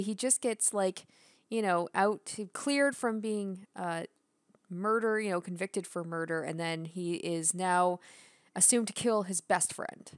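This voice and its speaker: A woman commentating casually on a video game as she plays, excitable and quick to swear. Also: fairly low pitch, no echo, studio quality. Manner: excitable, swears and laughs while reacting. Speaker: let's play streamer. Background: faint game music.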